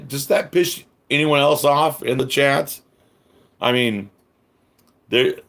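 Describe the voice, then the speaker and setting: A man's voice: mid-range voice, vocal fry, a bit bright. A man hosting a livestream, ranting furiously with heavy swearing and sarcastic mock voices, then reading the chat. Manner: stammering restarts. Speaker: livestream host.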